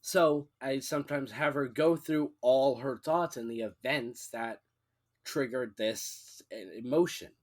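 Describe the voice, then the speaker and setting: A man co-hosting a casual podcast in an average-pitched voice. He talks in a laid-back, playful manner, dropping jokes as he goes. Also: slow, darkish tone. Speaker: podcast co-host. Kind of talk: casual chat.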